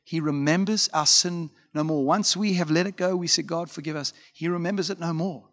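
A man's voice: a little high, steady tone, a little fast, fairly bright tone. A man preaching a conversational sermon as a pastor, telling stories informally with frequent fillers and asides. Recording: long hall reverb.

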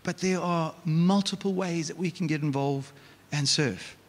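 A male pastor, preaching a lively, conversational sermon with frequent restarts. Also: a little high, unhurried. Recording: reverberant church hall.

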